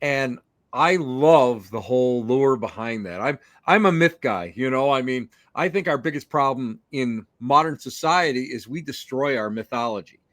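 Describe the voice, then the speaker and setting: A man's voice: medium pitch, expressive, normal speed, a bit bright, no room sound, clean studio sound. Reflective male podcast host. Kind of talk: casual interview chat.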